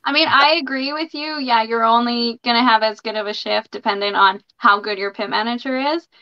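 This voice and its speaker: A woman's voice: fairly high pitch, steady tone, fairly quick, clear, resonant tone. A woman guest on a casual podcast, talking about her work in an upbeat, candid way. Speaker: podcast guest, part-time pit boss. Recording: dull lo-fi audio.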